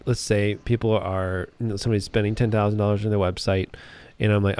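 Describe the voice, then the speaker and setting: Low-voiced host thinking aloud. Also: male voice, level tone, a little mellow, clean tone, no echo. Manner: thinks aloud, halting restarts. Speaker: podcast co-host. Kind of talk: casual interview questions.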